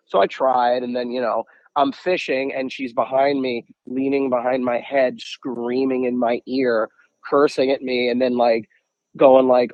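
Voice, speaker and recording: A young man from the United States tells stories in an easy, animated way, often slipping into the voices of the people he quotes. His voice sits at an average pitch. The recording is dry and a little muffled. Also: brisk, dry recording. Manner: animated, acts out quotes, many repeated "I'm like". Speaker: podcast guest, angler. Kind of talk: casual storytelling.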